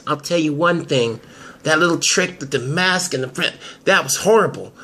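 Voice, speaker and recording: A man voicing a confident woman lawyer in an amateur soap drama, making firm, drawn-out threats. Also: on the high side, animated, bright, forceful tone, a little hiss or hum. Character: sharp, confident woman lawyer, cornering a blackmail target.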